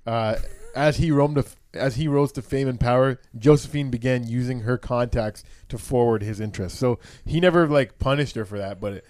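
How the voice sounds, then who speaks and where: A man's voice: mid-range voice, brisk, few pauses, darkish tone, dry recording. A young man in casual podcast chat, laid-back, making crude jokes and reading quotes aloud.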